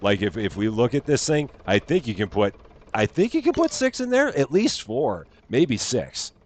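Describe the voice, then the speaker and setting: While streaming a game, a man gives chatty, playful live commentary, reading the on-screen text aloud and tossing in jokes. His medium-pitched voice is very animated and runs at a normal speed.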